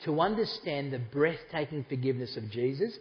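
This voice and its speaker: Pastor preaching in a reverberant church. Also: male voice, medium pitch, lively intonation, brisk, lo-fi sound. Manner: conversational, with asides to the congregation. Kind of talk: sermon. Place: church hall.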